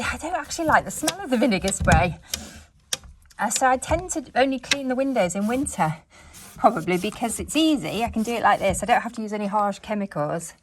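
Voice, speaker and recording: A woman's voice: a little high, lively intonation, brisk, noisy background. A middle-aged woman filming herself cleaning her bedroom, chatting to viewers in a homely way and a little out of breath from the work. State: slightly out of breath from working. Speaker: cleaning vlogger. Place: bedroom at home, indoors.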